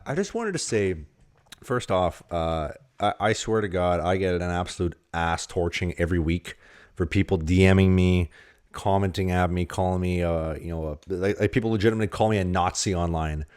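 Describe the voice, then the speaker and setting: A man's voice: low-pitched, normal speed, darkish tone, smooth. A man from Canada co-hosting a casual podcast, ranting bluntly and swearing freely. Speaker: podcast co-host.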